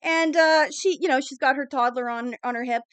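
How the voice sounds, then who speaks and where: A woman's voice: high voice, fairly quick, no echo. A woman narrating a fantasy tabletop game as game master, rambling with many fillers. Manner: rambling, filler-heavy, animated.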